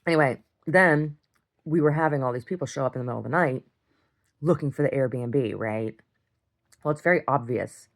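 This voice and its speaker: A woman's voice: a bass voice, moderate pace. A middle-aged woman telling a story in a casual video diary, rambling, restarting and repeating words, and swearing when heated. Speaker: video diarist.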